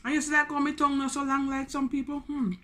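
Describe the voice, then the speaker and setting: A woman's voice: sits high, level tone, fast talker, a bit bright. A Jamaican woman in her forties chatting casually on a mukbang vlog, slipping into Patois between English sentences. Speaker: food vlogger.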